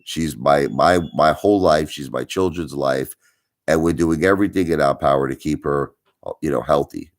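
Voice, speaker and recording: A middle-aged man hosting a live stream in a very deep, low voice. He talks in an insinuating way, piling up rhetorical questions and repeating himself for emphasis. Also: normal speed. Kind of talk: livestream commentary.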